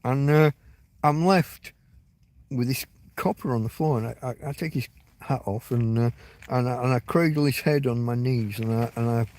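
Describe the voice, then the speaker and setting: On camera, a middle-aged English vlogger shares a personal story casually and with emotion, tearing up as he goes. He speaks at normal speed in a medium, darkish voice, rambling, cursing frequently, and beginning sentences again.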